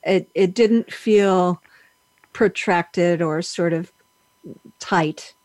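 A woman interviewer asking slow, reflective questions of an author. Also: lowish voice, a little mellow, no room sound.

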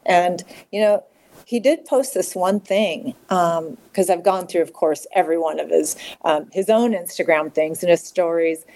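A middle-aged woman speaking candidly as an interview guest, halting and repeating words as she talks. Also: on the low side, dark tone, rough recording. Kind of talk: emotional personal interview.

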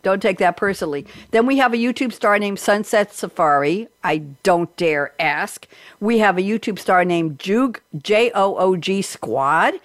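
A woman's voice: mid-range voice, lively intonation, unhurried, dry recording, clean studio sound. A woman hosting a talk show, chatty and joking as she runs through a list of holidays. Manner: chatty, jokey, reads lists of holidays. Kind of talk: lively radio talk show banter.

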